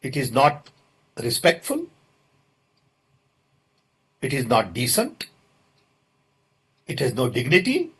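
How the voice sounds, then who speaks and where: Slow, husky older man. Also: medium pitch, huge pitch swings, a bit bright. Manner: indignant, emphatic, deliberate pauses. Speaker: interview guest. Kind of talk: political interview.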